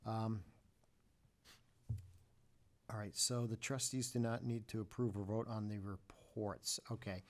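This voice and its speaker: A man runs a formal public meeting in a measured, halting voice, pausing often on fillers. His voice sits a little low. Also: level tone. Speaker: meeting chair.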